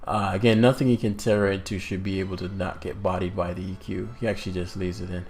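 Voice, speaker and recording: A man commentating his own competitive game in a casual, put-on British-sounding accent, swearing now and then with sudden loud outbursts. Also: low voice, little pitch movement, quick pace.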